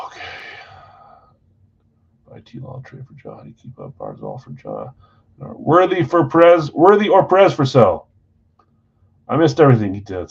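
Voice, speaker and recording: A card break host runs trades on a live stream, chatting loosely at a middle pitch and reading off buyers' names as he goes. His gravelly, husky voice comes across casual, scattered and self-deprecating, and the audio is dull and lo-fi.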